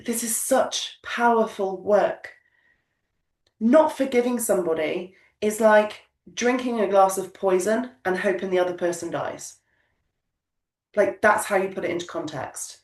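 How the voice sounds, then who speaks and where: A woman coaching business owners, talking in an emphatic, motivational way and repeating her key lines. Her voice sits at a middle pitch. The room is echoey, and she sounds a little away from the mic. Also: unhurried, far from the mic. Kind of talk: coaching session talk.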